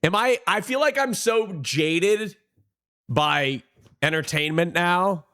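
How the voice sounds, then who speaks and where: A man streaming and reacting to clips, chatty and thinking out loud. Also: high voice, slow, clear, resonant tone, dry recording, studio quality. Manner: chatty, animated, wondering aloud. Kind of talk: casual live-stream commentary.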